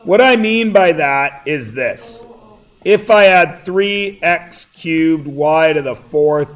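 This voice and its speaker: A man teaching a high school math class in a classroom, relaxed and jokey, often checking that his students are following. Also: takes it slowly. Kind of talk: classroom lecture. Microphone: plugged-in classroom mic.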